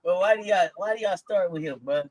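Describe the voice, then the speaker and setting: A man's voice: high voice, brisk, background noise. A man co-hosting a casual sports podcast, teasing his partner and repeating phrases. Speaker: co-host.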